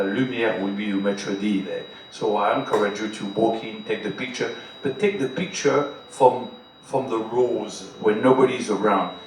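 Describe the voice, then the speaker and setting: A man with a French accent, not speaking his first language, animatedly talking up a cruise restaurant to a panel audience. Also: medium pitch. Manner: animated, speaks straight to the audience, repeats "trust me". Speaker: cruise beverage director on a panel. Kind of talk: panel talk to a live audience. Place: large hall with an audience. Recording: echoey hall, distant mic, faint noise.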